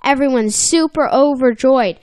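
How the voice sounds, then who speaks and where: A woman's voice: sits high, a little slow, a little mellow. A woman co-hosting a casual podcast from a small office, recapping an episode and playfully acting out characters. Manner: playful, acts out characters in bursts. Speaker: podcast co-host.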